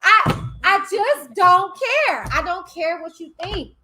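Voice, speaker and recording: A woman's voice: very high-pitched, slow pace, bright, forceful tone, a little hiss or hum. A woman hosting a live stream, talking bluntly and animatedly in casual commentary. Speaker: livestream host.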